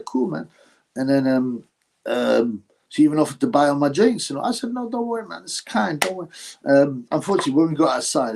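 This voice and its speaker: Answering his livestream audience's comments, the male host rambles, speaks bluntly, swears, and keeps saying bro. He has a husky, slightly mellow voice in the middle range.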